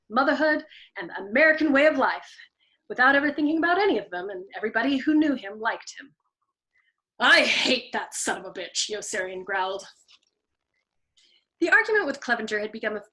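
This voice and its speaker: A woman hosting a storytime show, reading a novel aloud with lively, expressive narration and voicing the characters' lines. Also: a little high.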